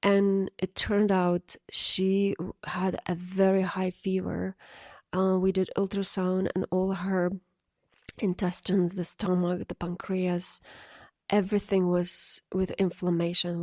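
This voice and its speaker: A woman podcast host telling a personal story in a halting, emotional way, with many pauses and fillers. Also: on the low side, monotone, no echo, studio quality.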